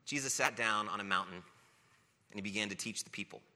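A man's voice: on the low side, brisk, sharp tone. A man preaching a sermon, telling family stories with playful self-mockery before turning to teaching. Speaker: pastor. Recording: long reverb of a large hall.

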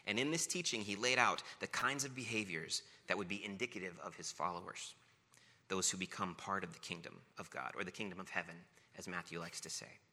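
A man's voice: deep voice, brisk, pushed and bright. A man preaching a sermon, telling family stories with playful self-mockery before turning to teaching. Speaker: pastor. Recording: long reverb of a large hall.

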